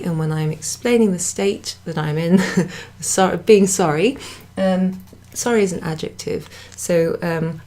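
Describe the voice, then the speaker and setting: A woman's voice: fairly low pitch, darkish tone. Chatty woman teaching French. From United Kingdom. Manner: chatty, self-correcting, laughs at her own slips. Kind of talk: beginner language lesson. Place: indoor room at a pub.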